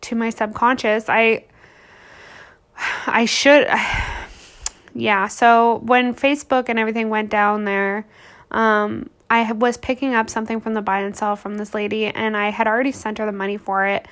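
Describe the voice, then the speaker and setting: Thirties woman venting on her podcast, kinda high voice, lots of "like"s and restarts. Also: level tone, moderate pace, fairly bright tone. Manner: emotional and rambling, many restarts and "like" fillers. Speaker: podcast host. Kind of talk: candid personal monologue.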